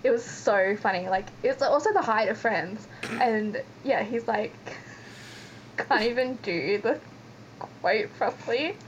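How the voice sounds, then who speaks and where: A woman's voice: on the high side, expressive, measured pace. Chatty woman on a lo-fi podcast. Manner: chatty, rambling, self-mocking. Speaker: podcast co-host. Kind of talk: casual chat recapping a reality show. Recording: dull lo-fi sound with faint noise.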